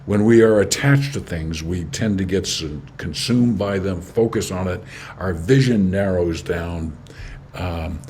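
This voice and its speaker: Deep-voiced man giving calm spiritual teaching. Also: slight background noise. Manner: unhurried, emphatic, frequent "okay?" checks with listener. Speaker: host of a spiritual teaching channel. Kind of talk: reflective spoken commentary on quoted teachings.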